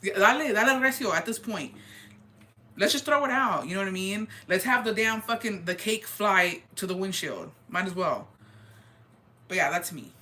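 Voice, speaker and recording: A woman telling a story in a casual storytime chat, animated and quick, swearing freely and slipping into Spanish. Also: mid-range voice. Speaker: vlogger.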